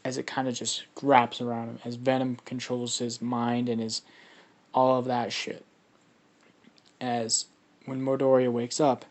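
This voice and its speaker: A man's voice: medium pitch, a little mellow. Rambling, swearing guy telling a fan story. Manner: rambling, heavy swearing, lots of fillers. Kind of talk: casual improvised fan story.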